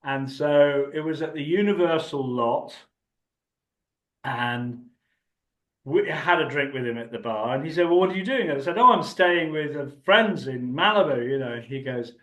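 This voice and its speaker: A man's voice: medium pitch, a little slow, pushed and bright, roomy sound, rough recording. An older man telling a rambling anecdote as an interview guest, chatty and laughing often. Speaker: actor and guest. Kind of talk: anecdotal storytelling.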